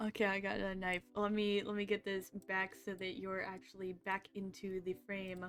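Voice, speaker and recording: A woman's voice: medium pitch, completely flat delivery, normal speed, a bit bright, faint music behind. A woman hosting a casual stream, joking around and laughing often. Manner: giggly, joking, frequent laughter. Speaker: streamer host.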